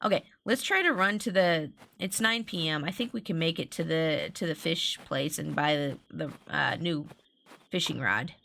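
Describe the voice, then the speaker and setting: A woman's voice: sits low, moderate pace, gravelly, pushed and bright. A woman live-streaming a farming game, chatting to viewers in a rambling way and often restarting her sentences. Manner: talks to viewers and reads chat aloud. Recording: faint game music underneath.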